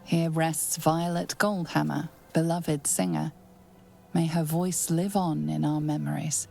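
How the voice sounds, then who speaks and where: A woman voicing a dry game narrator who reads grave inscriptions in a deadpan, unimpressed way. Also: low voice, measured pace, gravelly, faint music behind. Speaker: game narrator reading tombstones.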